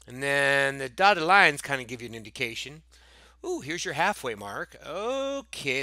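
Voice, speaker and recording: A man's voice: medium pitch, pushed and bright, no echo. A male teacher casually walking through a math review, joking with the answer choices as he goes. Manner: playful, jokey, talks to the answer choices. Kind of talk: casual math lesson walkthrough.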